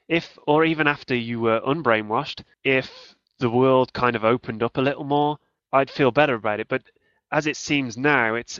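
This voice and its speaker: A man's voice: mid-range voice, fairly bright tone, clear, resonant tone, dry recording. A man talking casually about video games, often restarting his sentences as he works out his point. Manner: hesitant, restarts mid-thought. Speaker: podcast panelist. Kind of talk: casual gaming discussion. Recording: dull, dry lo-fi audio.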